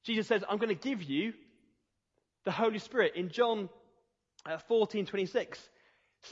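A man preaching a sermon in an earnest, emphatic way, slowing down to stress key phrases. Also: high-pitched, slightly rough. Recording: reverberant hall, dull lo-fi sound.

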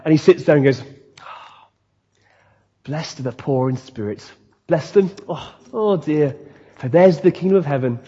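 Brief: male preacher, slightly high, husky voice, echoing hall with dull sound. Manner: animated, acts out quoted voices. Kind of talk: sermon. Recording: dull, long-reverb hall.

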